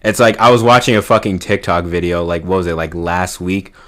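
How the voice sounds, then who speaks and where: A young man with a very low voice rambles about his city. He leans on filler words and swearing as he talks. He sinks into quiet mumbles and then bursts out loud. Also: fairly quick. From New York. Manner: rambling, profane, full of fillers; swings between mumbling and loud exclaiming. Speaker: vlogger. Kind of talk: casual rant to camera.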